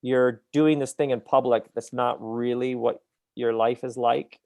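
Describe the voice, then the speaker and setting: A middle-aged man with a gravelly, creaky edge to his voice chats as an author in an interview. He is animated and reflective, often laughing at his own points. He is recorded close and dry, with no room sound. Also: mid-range voice, unhurried, no room sound. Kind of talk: casual interview conversation.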